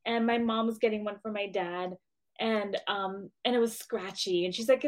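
A woman's voice: on the high side, brisk. An earnest woman chats as a guest on a podcast about her own business. Her speech is heartfelt and breaks into restarts when she is moved. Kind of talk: casual podcast chat.

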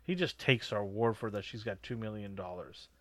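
A man co-hosting a casual movie review chat, rambling with lots of fillers and animated reactions. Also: lowish voice, normal speed, no echo.

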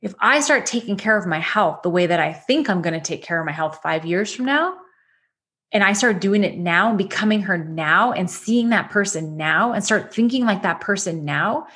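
A woman's voice: mid-range voice, lively intonation, moderate pace, fairly bright tone. A woman coach leading a goal-setting lesson, talking directly and encouragingly with many rhetorical questions.

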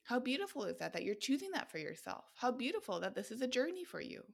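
Woman podcast host, motivational monologue, emphatic, energetic, swears freely. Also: on the high side, fast talker, gravelly. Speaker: podcast host, nutrition coach.

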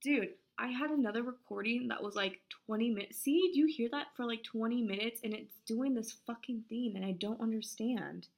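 A woman's voice: a little high, brisk, gravelly, hardly any pauses. A woman reading a story aloud unedited, tripping over words, restarting lines, apologizing and swearing casually at a home mic. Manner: casual and swearing, laughs at herself. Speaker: story narrator. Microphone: home mic with headphones bumping it.

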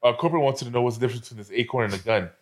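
A man's voice: medium pitch, rapid-fire. A man co-hosting a casual podcast, jumping in with tangents and jokes. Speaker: podcast co-host. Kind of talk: casual chat.

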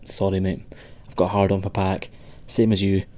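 Sweary Scottish man, low and mellow. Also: completely flat delivery, normal speed. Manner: sweary, rambling, laughs a lot. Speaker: podcast co-host. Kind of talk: casual podcast chat.

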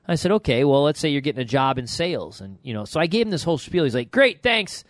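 A middle-aged man hosting a podcast in an easy, chatty way. He tells stories with lively quoted voices, and his voice sits at a middling pitch. The sound is dry and close. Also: rapid-fire, no room sound. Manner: lively storyteller, animated quotes. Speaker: podcast co-host. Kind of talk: casual podcast chat.

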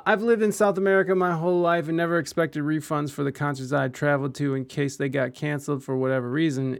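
A man's voice: fairly high pitch, vocal fry. A man giving rambling, profane, offhand reaction commentary on videos.

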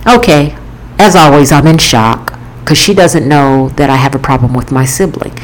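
A woman's voice: rumbling low, normal speed, poor audio. A woman author telling an emotional personal story to her viewers, earnest and repetitive as she talks it through. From Florida.

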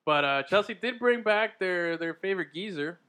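A man's voice: sits high, animated, normal speed, bright, forceful tone, clean tone. A man co-hosting a sports podcast in a loose, casual chat full of fillers and laughter. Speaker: podcast co-host.

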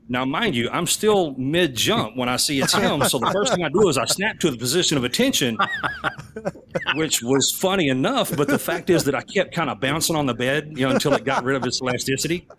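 Animated male podcast guest with a lively voice. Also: background noise. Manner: animated, laughs often, swings his voice up high for quoted lines. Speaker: military veteran guest telling stories. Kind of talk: casual podcast storytelling.

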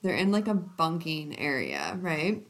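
A woman's voice: deep voice, huge pitch swings, measured pace. A woman co-hosting a podcast, reading romance passages aloud with lots of giggling and side comments. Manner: giggly, breaks off into laughter and asides. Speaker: podcast co-host.

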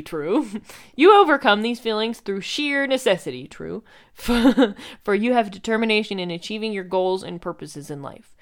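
A young woman in casual chat, reading a report aloud and making wry jokes between lines. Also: medium pitch. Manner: giggly, wry, reads in an even list tone.

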